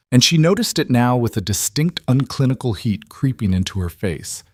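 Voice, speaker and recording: A man narrating a scripted crime story in a steady, measured way. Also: fairly low pitch, no echo, studio quality.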